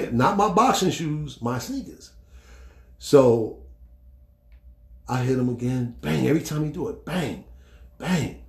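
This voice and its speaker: A middle-aged man hosting a podcast, telling a story in a blunt, animated way, acting out the quotes and swearing freely. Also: medium pitch, slow, vocal fry, long pauses, echoey room. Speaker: podcast host. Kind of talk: casual storytelling monologue.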